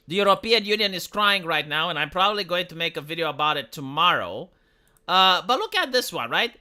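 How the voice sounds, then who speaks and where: Woman streamer with a Romanian accent: bright, lively pitch, sarcastic profane rant. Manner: sarcastic, profane, mocking quoted voices. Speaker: live streamer. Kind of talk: ranting commentary stream.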